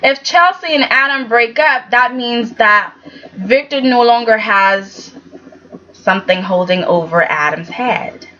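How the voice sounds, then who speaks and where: A woman's voice: on the high side, a little slow, bright, forceful tone, highs cut off. A woman giving a chatty, sassy recap of a soap opera and acting out the characters' lines. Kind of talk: casual recap commentary.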